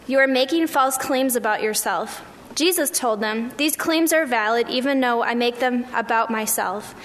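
Woman reading bible verses, kinda high voice, echoey church, light hiss. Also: a bit bright. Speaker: scripture reader. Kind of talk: reading scripture aloud. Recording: reverberant hall, faint background noise.

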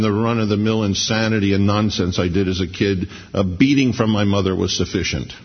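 A middle-aged man preaches in a loose, conversational way, drawing slowly on scripture. His voice is gravelly and a little husky. The recording sounds muffled and lo-fi. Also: lowish voice. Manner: conversational, anecdotal, slows down for scripture reading. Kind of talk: sermon. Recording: dull lo-fi sermon recording.

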